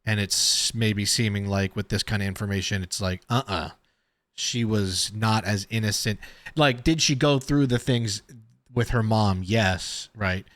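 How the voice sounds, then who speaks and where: A man's voice: lowish voice, unhurried, a bit bright, dry recording. A man giving casual reaction commentary on a video, chatty and thinking aloud as he talks. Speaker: reaction streamer.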